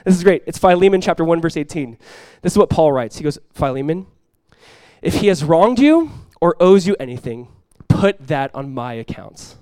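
A male pastor preaching a sermon, acting out the people in his Bible stories and swinging between loud emphasis and hushed lines. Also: fairly high pitch, very animated, normal speed, clear, resonant tone, no room sound.

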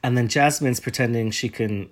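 A man's voice: mid-range voice, normal speed. A man co-hosting a podcast, chatting casually and swearing now and then. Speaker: podcast co-host. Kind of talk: casual chat.

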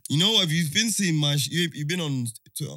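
A man's voice: a little high, animated, quick pace, sharp tone, dry recording. A young man, co-hosting a casual podcast chat with joking, slangy banter. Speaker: podcast co-host.

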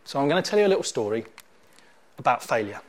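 A man's voice: mid-range voice, quick pace. A man preaching a sermon and telling a dramatic story, acting out the scenes as he goes. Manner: animated storyteller, acts out scenes.

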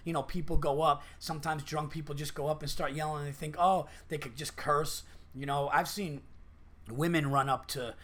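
A man's voice: fairly high pitch, fairly even intonation, normal speed, fairly bright tone. A man hosting a podcast, telling stories in a rambling, profane way and acting out what people said. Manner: profane, rambling storytelling with acted-out quotes. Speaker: podcast host. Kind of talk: casual podcast chat.

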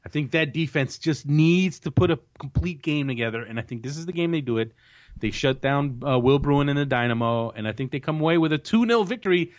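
This soccer podcast host has a slightly high, animated voice and speaks fairly quickly in a casual sports chat. He makes confident match predictions and often restarts sentences, all captured on a dull lo-fi recording.

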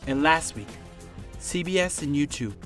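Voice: medium pitch, animated, moderate pace, fairly bright tone, soft background music, pitched below the performer's own voice, close to an everyday voice. A comedian voicing a dramatic movie-trailer announcer with portentous rhetorical questions, in a parody of trailer narration. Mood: ominous hype.

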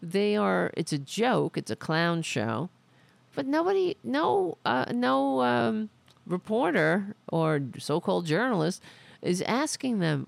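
A woman's voice: medium pitch, sing-song, takes it slowly, creaky, dry recording. A woman hosting a political commentary podcast, delivering a sarcastic, profane, indignant opinion rant.

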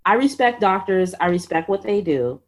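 A woman in her thirties, a podcast guest telling her own story in an animated, exasperated way. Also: medium pitch, moderate pace. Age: 30s. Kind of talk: conversational storytelling.

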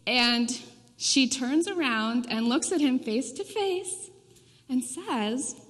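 A woman's voice: fairly high pitch, slow pace, fairly bright tone. A woman preaching a sermon in a church, telling a story in a conversational way. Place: church sanctuary. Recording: reverberant church hall.

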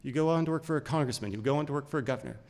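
A middle-aged man from Idaho telling a personal story in a conversational, unhurried way, with short phrases and pauses. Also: a little high, a little mellow. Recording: long reverb of a large hall.

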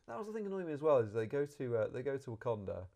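A man's voice: mid-range voice, very fast. A man, chatting casually about a film as a podcast host, rambling and restarting his sentences. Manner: rambling, animated, self-correcting. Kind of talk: casual movie review chat.

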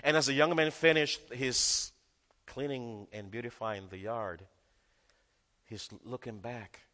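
A man's voice: mid-range voice, steady tone, takes it slowly, bright, forceful tone, long reverb tail. A male pastor preaching a sermon, emphatic and repeating key phrases for effect.

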